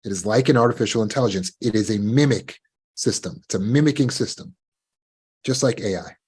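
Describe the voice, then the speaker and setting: Self-help speaker, male, husky low voice, measured delivery with rhetorical questions. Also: darkish tone. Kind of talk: motivational talk.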